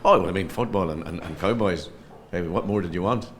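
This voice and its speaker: A middle-aged Irishman with a Donegal accent and a deep voice talks fast as a comedian guest in a casual interview. He spins anecdotes and stumbles over repeated words.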